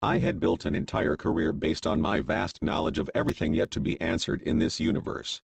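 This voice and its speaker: A man's voice: very deep voice, brisk, gravelly, breathy edge, exaggerated voice. A man playing a pompous male philosophy show host in an amateur comedy sketch, monologuing in a grand, wordy way. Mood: grandiose.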